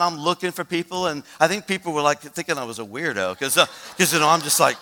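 A male pastor preaching a sermon, moving from loud urgent exhortation to a quiet, hushed story. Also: a little high, fast, few pauses, in a large hall.

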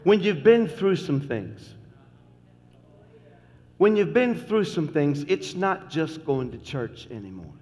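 A man's voice: on the high side, very animated, slow pace, long pauses, a little mellow, in a large hall. A middle-aged man preaching a sermon as pastor, folksy and joking, repeating phrases for emphasis.

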